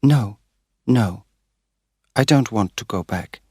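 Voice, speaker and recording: A man voicing a lively young German woman, speaking lightly and hesitantly in a storybook. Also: lowish voice, slow, breathy edge, no echo, clean studio sound, voice pushed up.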